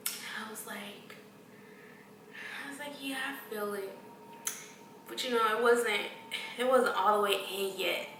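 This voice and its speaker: A woman's voice: mid-range voice, unhurried, long pauses, reverberant, distant mic, noisy background. A woman vlogger telling a story in casual talk, blunt and profane, acting out what people said to her. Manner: blunt, profane, acts out quoted exchanges.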